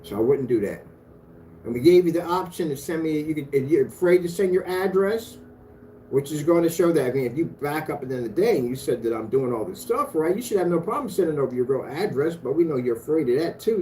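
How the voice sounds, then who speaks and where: A man ranting in a taunting, mocking way to his viewers, jumping between loud jabs and low mutters. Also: expressive, fast talker, slight background noise. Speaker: vlogger. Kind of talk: ranting monologue to camera.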